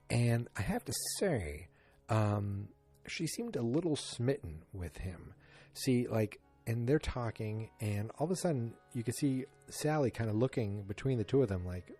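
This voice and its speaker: A podcast host talks through a TV episode in a loose, chatty way, slipping into quick voices for the characters. His low, husky voice sits over faint music. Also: expressive, dark tone. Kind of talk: casual episode recap.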